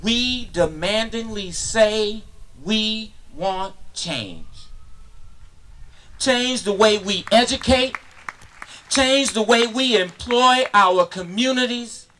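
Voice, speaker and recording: A man performing a spoken word poem at an outdoor park gathering, rhythmic and impassioned, rising at times to shouts. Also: high voice, takes it slowly, poor audio.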